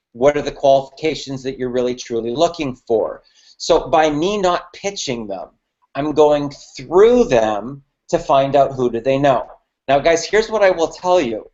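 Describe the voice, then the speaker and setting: A man's voice: a little high, a little mellow, muffled recording. A man teaching business networking, emphatic, checking in with the audience after nearly every point. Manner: emphatic, repeats "okay" and "right" to the audience. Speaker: business mentor. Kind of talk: coaching webinar talk.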